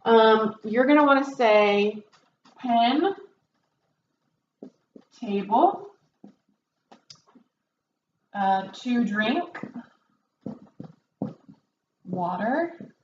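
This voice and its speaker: Woman teacher, slightly high voice, slow and patient, dull lo-fi recording in a roomy classroom. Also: animated, a little mellow, a little hiss or hum. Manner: explaining step by step, many ums. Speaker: Spanish teacher. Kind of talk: classroom review lesson.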